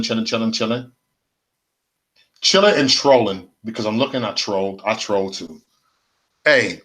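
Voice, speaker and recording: A man's voice: medium pitch, a bit bright. A man hosting a casual livestream rant, rambling and repeating himself in slangy, profane street talk. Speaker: livestream host.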